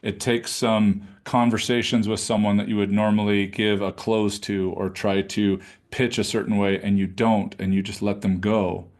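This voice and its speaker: A man coaching a live online class, talking conversationally and demonstrating how to ask questions in a low throaty voice. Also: flat delivery, moderate pace, hardly any pauses, darkish tone. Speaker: business coach. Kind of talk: live webinar teaching. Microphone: video call.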